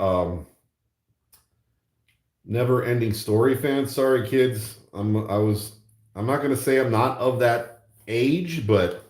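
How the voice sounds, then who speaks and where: A man hosting his own channel, chatting casually and jokingly while he draws. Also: medium pitch. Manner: rambling, jokey, self-mocking. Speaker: channel host. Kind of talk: casual chat while drawing.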